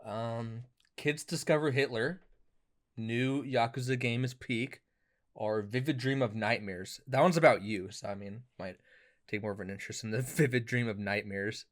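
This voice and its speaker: A man's voice: mid-range voice, normal speed. A young man co-hosting a podcast, chatting casually, swearing and laughing often as he tells a story. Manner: crude, joking, laughs often. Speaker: podcast co-host. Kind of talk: casual chat. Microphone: webcam.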